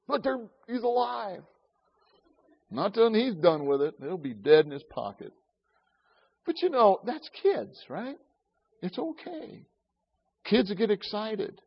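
Folksy preacher man, high voice swinging up and down, telling stories to his flock on a dull recording. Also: slow pace, pauses often, breathy edge. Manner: animated, folksy storytelling with asides to the congregation. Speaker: pastor. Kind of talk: sermon. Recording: slightly dull lo-fi sound.

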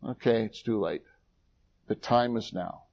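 A man preaching a sermon, reading scripture aloud in a rising, dramatic voice and dropping low and quiet for his own asides. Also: unhurried, gravelly, muffled recording.

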